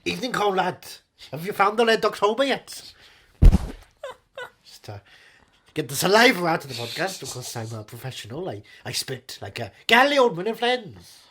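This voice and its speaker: A man's voice: fairly high pitch, sing-song, normal speed, a bit bright, slight background noise. A man doing a comic impression of a pompous aging movie star who rambles and keeps saying "wonderful". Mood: rambling. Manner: rambling, repeats "wonderful" constantly.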